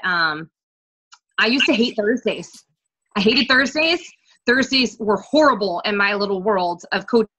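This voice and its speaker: A woman talking candidly about her coaching journey in a casual interview, swearing freely and getting animated as she retells things. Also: a little high. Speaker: guest coach.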